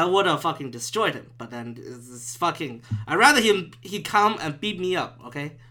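A man's voice: a little high, sharp tone. A man, a former stand-up comic, ranting alone on his podcast at home in a profane, rambling, exasperated way. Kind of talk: solo podcast rant. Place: room at home with the window open.

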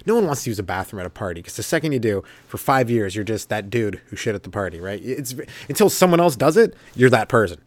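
A man's voice: on the low side, very animated, fast, hardly any pauses, no room sound. A man riffing loosely as a comedy podcast host, rambling and profane and chuckling often. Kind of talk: improvised stand-up riffing.

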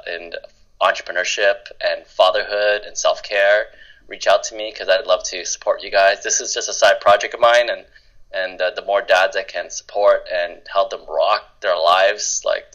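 A man's voice: deep voice, level tone, normal speed, fairly bright tone, highs cut off. A man speaking as a podcast guest in casual, upbeat, slangy chat.

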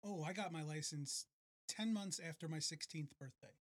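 A man's voice: on the high side, moderate pace. A man in his late thirties co-hosting a casual podcast, teasing his friend with dry humor. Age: 30s. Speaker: podcast co-host.

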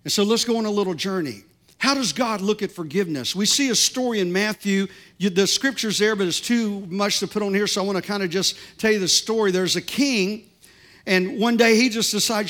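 A male pastor delivering a sermon with a high, bright voice. He preaches with growing fervor and stacks up repeated declarations. His tone rings forceful and ringing. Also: normal speed.

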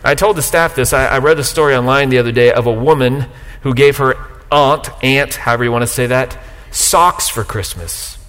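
A man preaching a sermon to a live congregation, joking and swinging between loud bursts and quiet asides. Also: medium pitch, steady tone, normal speed. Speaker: pastor. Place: church sanctuary, live congregation. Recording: long hall reverb.

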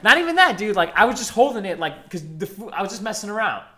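A man's voice: high-pitched, quick pace, fairly bright tone. A young man in his twenties telling a rowdy story in casual chat, full of slang and swearing. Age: 20s.

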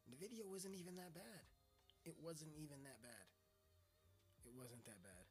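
A man's voice: on the high side, expressive, moderate pace, a little mellow. Man, podcast host, casual solo chat, rambling, profane, faint music.

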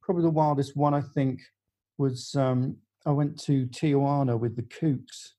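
A man's voice: mid-range voice, fairly even intonation, normal speed, dark tone, low-quality recording. A middle-aged man, a music journalist, telling a long anecdote in casual podcast chat, full of fillers and restarts. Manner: rambling storyteller with many fillers and restarts.

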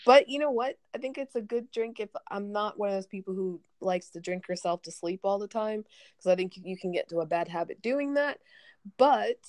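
A woman's voice: mid-range voice, a little mellow, dry recording. Chatty rambling woman, dry close sound. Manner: rambling, chatty, laughs often. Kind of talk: casual chat.

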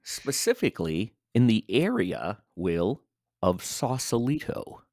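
A man's voice: fairly low pitch, very animated, takes it slowly, darkish tone, no room sound, studio quality. A man co-hosting a podcast in casual chat, running a music quiz in a teasing, playful way. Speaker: podcast co-host, quizmaster.

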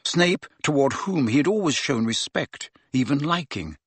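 A man narrating a novel in a steady, even storytelling manner as an audiobook reader. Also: medium pitch, moderate pace, slightly rough, no echo. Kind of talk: scripted fiction narration.

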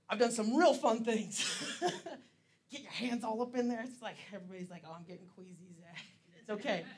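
A man giving a casual sermon as pastor, chatty and laughing often, with plenty of fillers. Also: high voice.

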